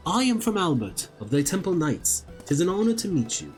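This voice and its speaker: Guy reading as an earnest dutiful knight from a fantasy game, formal and steady, faint music behind. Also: high voice, brisk, voice pushed up. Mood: courteous. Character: solemn, dutiful male temple knight. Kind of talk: reading game dialogue aloud.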